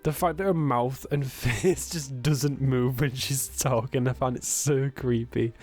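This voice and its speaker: A man's voice: medium pitch, fairly even intonation, unhurried, few pauses, a little mellow, soft background music. A young man giving joking, sarcastic commentary while playing a video game. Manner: sarcastic, joking, camp asides. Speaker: let's play gamer. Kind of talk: gameplay commentary.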